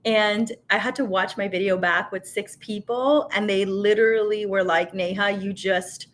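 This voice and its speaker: A woman in her thirties hosting a live tasting stream, chatting casually with viewers in an animated, filler-heavy way. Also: mid-range voice, normal speed. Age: 30s. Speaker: host of a tasting show.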